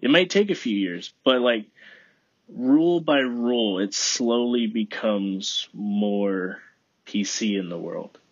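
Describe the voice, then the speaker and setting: Solo podcaster, male, low husky voice, rambling and profane delivery, dull lo-fi sound. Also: expressive, takes it slowly, no echo. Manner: rambling, profane, self-talking. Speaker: podcast host. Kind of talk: casual solo podcast monologue.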